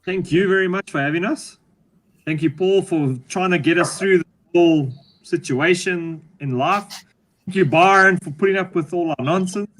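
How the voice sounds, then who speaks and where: A man's voice: sits high, moderate pace, fairly bright tone. A man joking and laughing as a guest on a video call, talking through his phone. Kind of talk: casual video-call chat. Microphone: phone used as headset.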